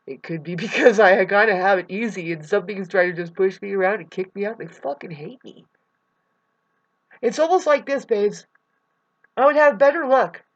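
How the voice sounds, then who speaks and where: A woman vlogging about a hard time, rambling and halting, often repeating words, close to tears. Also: sits low, slightly rough. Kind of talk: emotional personal vlog. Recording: dull lo-fi recording.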